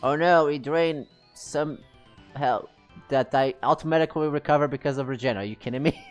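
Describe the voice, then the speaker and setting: A man's voice: a little high, moderate pace, soft background music. A man giving chatty, self-amused commentary while playing a game on a live stream.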